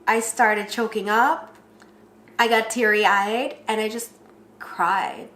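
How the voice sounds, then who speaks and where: A young woman casually telling her story of shopping for a wedding dress, animated, acting out quotes in a higher voice. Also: slow, reverberant.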